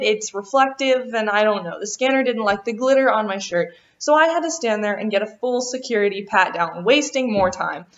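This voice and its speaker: A young woman vlogger telling a lively storytime about a travel mishap, acting out what people said. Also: fairly high pitch. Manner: animated, quotes people in quick voices. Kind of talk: casual storytime. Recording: dull lo-fi sound.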